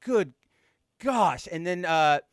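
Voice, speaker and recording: A man co-hosting a podcast, chatting casually and excitedly, full of fillers and gushing asides. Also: high-pitched, takes it slowly, clear, resonant tone, no room sound, clean studio sound. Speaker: podcast co-host. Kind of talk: casual comic book chat.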